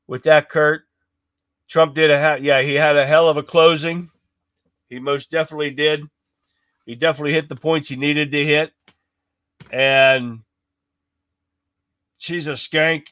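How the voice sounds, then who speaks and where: A man's voice: a little high, pushed and bright, clear, resonant tone, dry recording. A man hosting a live stream, reacting with heated, profane rants and talking to his chat viewers. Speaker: livestream host.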